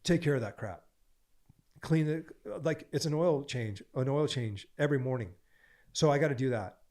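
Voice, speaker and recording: A man speaking as a podcast guest in an animated, preachy way, stacking repeated phrases as he coaches. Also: medium pitch, moderate pace.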